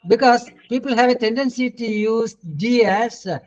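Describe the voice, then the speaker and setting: In a high voice and an Indian English accent, a middle-aged English teacher runs an online pronunciation lesson, patiently correcting his students. He often pauses to hunt for words, filling the gaps with hesitant fillers. The webinar audio, captured over a video call, sounds dull and lo-fi.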